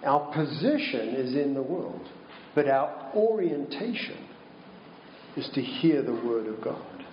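A man preaching a sermon slowly and deliberately, posing rhetorical questions to his congregation. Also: mid-range voice, animated, roomy sound, lo-fi sound, a little hiss or hum. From Minnesota.

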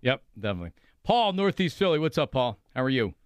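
A man hosts a sports call-in show in a mid-pitched voice that moves freely up and down. He talks easily and tells stories, and the studio sound is dry and close. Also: very animated, fast talker, clear, resonant tone, no echo. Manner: takes callers, tells stories. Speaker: sports radio host. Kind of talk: casual sports talk.

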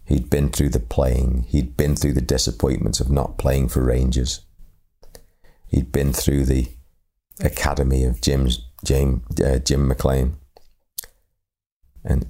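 A man with an extremely deep, gravelly voice speaks slowly in a flat, even tone. He tells a reflective story, often stalling and repeating words as he feels his way forward. His voice has a dark, mellow color. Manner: halting, repeats words, slow and measured. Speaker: speaker sharing lessons on leadership.

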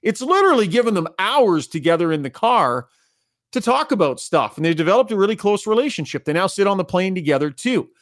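A man's voice: sits high, big pitch swings, fairly quick, a bit bright, dry recording, clean studio sound. A man hosting a sports radio show, setting up clips and tossing to his co-hosts in casual talk. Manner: leads the segment, sets up clips. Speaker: radio host.

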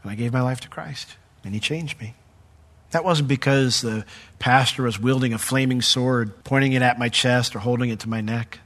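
A middle-aged male pastor preaching a sermon, animated when retelling a story and hushed when sharing his own testimony. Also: mid-range voice, normal speed. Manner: animated storyteller, voice jumps up when acting out the crowd; drops to a soft, hushed tone for personal testimony.

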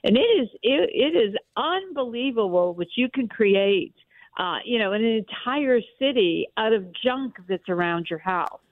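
A woman's voice: on the high side, expressive, normal speed, no echo. A woman in her sixties from Western Pennsylvania, a columnist telling a story with emphatic enthusiasm. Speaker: newspaper columnist, guest. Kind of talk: casual interview. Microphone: phone. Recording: tinny phone line.

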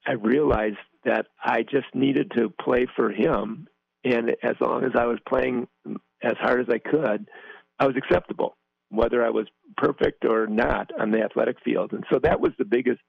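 A man's voice: mid-range voice, vocal fry, no echo. A man calling in as a guest, speaking earnestly and hesitantly with many fillers. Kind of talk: conversational interview. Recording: tinny phone line.

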